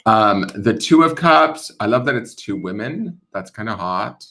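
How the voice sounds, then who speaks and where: A man's voice: fairly low pitch, lively intonation, unhurried, sharp tone. A man hosting a casual tarot deck unboxing stream, playful and joking as he goes. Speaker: tarot reader and channel host.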